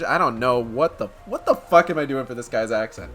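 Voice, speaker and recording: A man's voice: mid-range voice, lively intonation, fairly quick, few pauses, a bit bright. A man streaming a game, joking crudely and casually in let's-play commentary.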